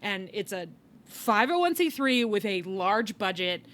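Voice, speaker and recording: A woman's voice: medium pitch, big pitch swings, a little slow, fairly bright tone. A woman hosting a podcast in casual chat, tired, wry and rambling, with sighs and laughs. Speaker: podcast host.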